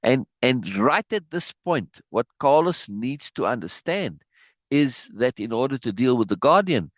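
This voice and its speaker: Animated man reading aloud. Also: mid-range voice, unhurried, dry recording. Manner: animated, laughing asides, repeats words when restarting. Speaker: teacher reading aloud and commenting on a book. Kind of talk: reading a passage aloud with asides.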